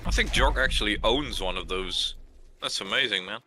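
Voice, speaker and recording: A man's voice: on the low side, animated, normal speed. A man chatting and teasing his friends while playing a game together. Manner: teasing, joking. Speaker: co-player. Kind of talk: casual banter while gaming.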